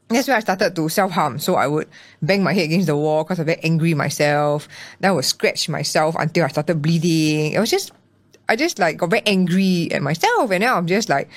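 Animated Singaporean woman, low voice. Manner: animated storytelling with acted-out quotes. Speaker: podcast guest. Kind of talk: candid personal interview.

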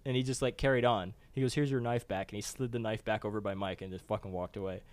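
Animated, profanity-heavy storytelling man. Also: on the low side, quick pace, dry recording. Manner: animated storyteller, swears freely, laughs often. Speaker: podcast co-host. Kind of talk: casual chat, storytelling.

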